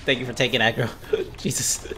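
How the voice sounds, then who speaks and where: A man streaming a video game live, joking, swearing and shouting at the action as it happens. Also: medium pitch, moderate pace. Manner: excitable, swearing, jokey, yelling at the game. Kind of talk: live gameplay commentary.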